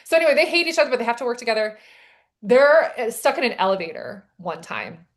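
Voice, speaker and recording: A woman's voice: a little high, fast talker. A woman co-hosting a casual chat, an author animatedly recounting a scene from her book, heavy with "like" and acted-out dialogue. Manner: animated storytelling with frequent "like" and quoted dialogue. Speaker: podcast co-host and romance author.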